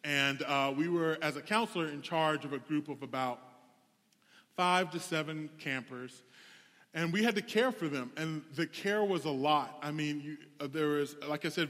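A young man preaches in a relaxed, candid storytelling manner, his voice sitting a touch high for a man. The sound carries a long reverb, as if in a large hall. He talks to the congregation like he's chatting with friends. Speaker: pastor. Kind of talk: sermon.

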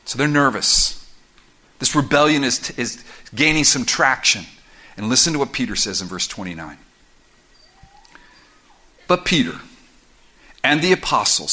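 A man preaching a sermon as pastor, explaining scripture verse by verse in an animated, conversational way with quick asides. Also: medium pitch. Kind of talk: expository sermon.

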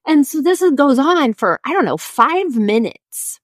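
A middle-aged woman tells a story on her podcast with a bright, fairly high voice that swoops up and down. She laughs often and cuts herself off mid-sentence. The sound is close and dry, with no room around it. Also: measured pace, dry recording. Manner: animated, laughing often, with self-interruptions. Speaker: podcast co-host. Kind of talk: casual storytelling.

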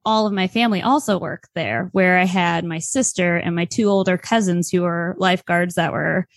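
A woman's voice: lowish voice, moderate pace, creaky, no echo. A woman who is a guest on a podcast, telling a personal story expressively and acting out the voices in it. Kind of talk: casual anecdote telling.

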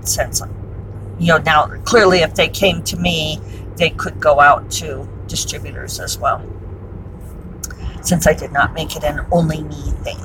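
A woman's voice: low-pitched, steady tone, measured pace, noisy background. A middle-aged woman chatting casually while driving, wry and talkative with laughing asides. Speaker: author podcaster. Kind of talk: casual commute vlog. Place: in a car, driving.

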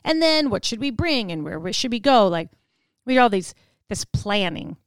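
A woman hosting a podcast, telling stories in an animated way and laughing often as she acts out other people's voices. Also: medium pitch, normal speed, clear, resonant tone, dry recording. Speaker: podcast host. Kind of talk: storytelling monologue.

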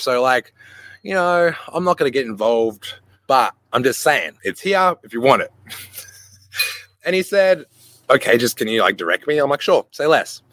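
A young adult man hosting a podcast, telling a casual story full of cursing, who jumps into quick voices for the people in his anecdote. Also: mid-range voice. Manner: animated, swears freely, acts out voices in anecdotes. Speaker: podcast host.

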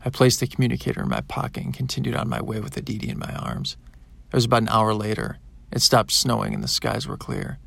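A man narrating a science-fiction audiobook in the first person, in a plain, even storytelling manner. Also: medium pitch, fast, creaky, no echo.

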